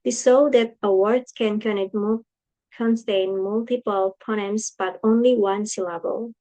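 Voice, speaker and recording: A woman's voice: medium pitch, steady tone, measured pace, dark tone, lo-fi sound. A young woman with an Indonesian accent, whose first language is Indonesian, reading a class presentation aloud carefully, with slips and restarts. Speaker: student presenting coursework.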